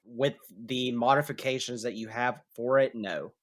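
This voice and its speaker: A man narrating as game master of a tabletop game, in a casual, unhurried way. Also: mid-range voice.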